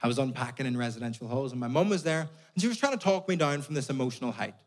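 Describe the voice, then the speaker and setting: A young man with a Belfast accent doing stand-up comedy, animated, sweary and exasperated, on a stage mic. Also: medium pitch, fast. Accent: Northern Irish, Belfast. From Northern Ireland. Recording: live audience laughter in a venue. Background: audience laughing.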